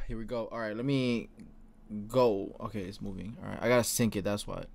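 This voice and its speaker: A man's voice: fairly low pitch, steady tone, moderate pace, gravelly, darkish tone. A man hosting a casual comic reaction, talking loosely with slang and frequent swearing. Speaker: reaction channel host.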